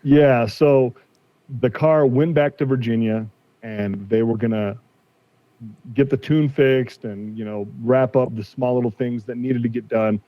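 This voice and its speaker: A man's voice: medium pitch, steady tone, measured pace, no room sound. Man in his 40s telling a story. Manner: retells a dispute, acting out quoted exchanges. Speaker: podcast guest, car collector. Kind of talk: casual storytelling. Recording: slightly dull, dry sound.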